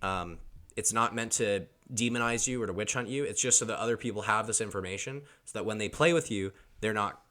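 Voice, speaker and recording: A man as a podcast guest, speaking calmly and measured, with many short agreeing replies. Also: on the low side. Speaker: guest, tournament player. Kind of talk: casual chat.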